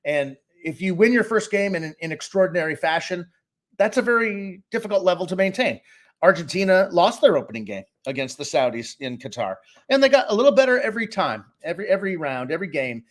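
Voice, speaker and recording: A middle-aged man from Boston talks sports on a casual podcast. His voice sits a bit high, and he gives opinionated, animated takes as a co-host. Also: fairly quick.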